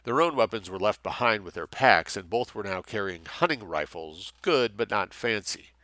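A man reading a thriller aloud with steady, measured narration. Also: fairly low pitch, no room sound. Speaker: audiobook narrator. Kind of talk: scripted narration.

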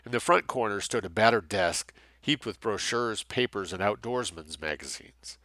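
A man reading a thriller aloud with steady, measured narration. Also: lowish voice, no echo. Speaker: audiobook narrator. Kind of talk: scripted narration.

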